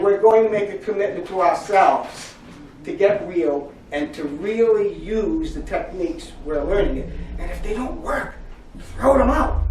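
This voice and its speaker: A man's voice: high-pitched, a little hiss or hum. A man giving a live motivational talk as a psychotherapist, joking and leading the audience in call-and-response chants. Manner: energetic, jokey, call-and-response. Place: large public library hall. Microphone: far from the mic. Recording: echoey hall from far off.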